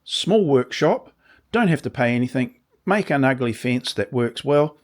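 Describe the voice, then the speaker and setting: A man with a slightly croaky voice, talking casually through a workshop demonstration with rambling asides and dry understatement. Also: mid-range voice, expressive, measured pace. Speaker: workshop video maker. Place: small home workshop.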